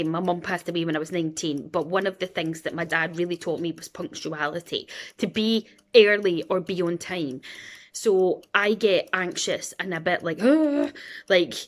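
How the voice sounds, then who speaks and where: A Scottish woman in her thirties, rambling in a casual chat and acting out the voices of people in her stories. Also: lowish voice. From Scotland. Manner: chatty and rambling, acts out quoted voices. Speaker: vlogger.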